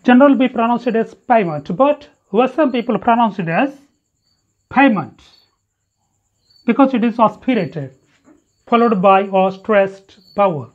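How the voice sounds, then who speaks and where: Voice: mid-range voice, moderate pace. A teacher giving a phonetics lesson, drilling example words one by one and correcting wrong pronunciations. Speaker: English teacher. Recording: dull lo-fi recording.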